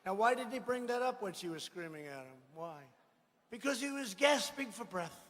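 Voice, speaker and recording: A man giving a rally speech, boastful and mocking, repeating himself and bursting into shouts. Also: sits high, big pitch swings, moderate pace. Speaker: political speaker at a rally. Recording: echoey hall with faint ambience.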